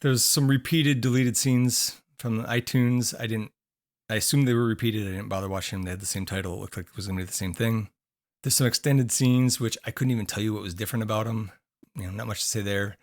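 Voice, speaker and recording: A man's voice: lowish voice, fairly even intonation, fast. Guy cohosting a podcast, kinda losing his voice, rambly and chatty. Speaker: podcast co-host. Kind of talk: casual chat.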